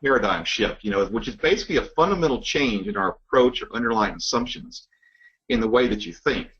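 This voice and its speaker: A man who works as a loan officer, speaking in a reflective, measured way in a casual business conversation. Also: lowish voice, animated, a bit bright. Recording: dull lo-fi.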